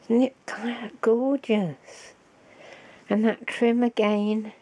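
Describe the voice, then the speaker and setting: A woman, slow and fond, showing off a handmade craft gift on her vlog and gasping with delight. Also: on the high side, level tone, mellow. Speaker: crafting vlogger. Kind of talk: casual show-and-tell of a craft gift.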